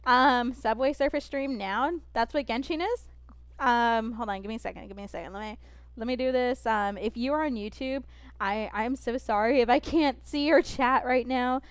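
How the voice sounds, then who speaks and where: A young woman streaming a game, talking fast and expressively, rambling with lots of fillers and restarts. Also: fairly high pitch, smooth, dry recording. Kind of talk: casual chat while gaming.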